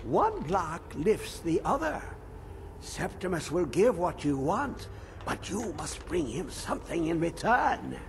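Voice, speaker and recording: Crazy old hermit scholar, fantasy game, high voice, sing-song, slow cryptic riddles. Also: male voice, sing-song, creaky, a little hiss or hum, heavily acted. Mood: cryptic, rambling. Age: older. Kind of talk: video game voice acting.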